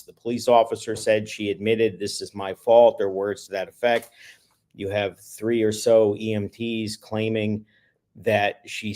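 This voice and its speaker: A man who is a criminal defense attorney, giving measured, lawyerly commentary as a podcast guest. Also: on the low side, a little mellow. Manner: measured, lawyerly, weighing his words.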